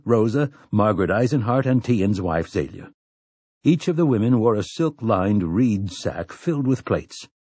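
Male narrator reading a book, dark mellow voice, steady pace, dry close sound. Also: medium pitch, husky, no room sound. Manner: measured, even reading. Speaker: audiobook narrator. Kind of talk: scripted narration.

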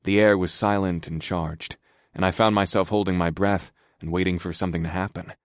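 Man, very low voice, wry grumbling first-person narration, dry close mic. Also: steady tone, fairly quick, no room sound. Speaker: audiobook narrator.

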